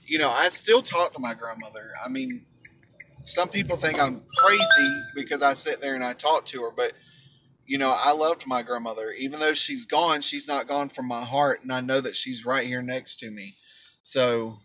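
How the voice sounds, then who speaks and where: Man vlogging over loud road noise. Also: mid-range voice, normal speed. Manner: rambling, heartfelt, many fillers. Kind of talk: casual personal storytelling. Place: riding in a car.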